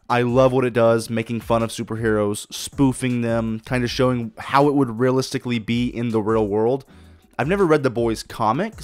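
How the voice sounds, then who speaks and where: A man's voice: medium pitch, no echo. A man hosting a solo podcast, talking casually and enthusiastically with lots of swearing and restarts. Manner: enthusiastic, profane, rambling with restarts. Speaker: podcast host.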